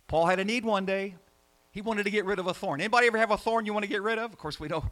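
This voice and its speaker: A man preaching a sermon, calling out to the congregation and swinging between loud emphasis and quiet asides. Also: sits high, racing. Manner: animated preaching with call-and-response. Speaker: pastor.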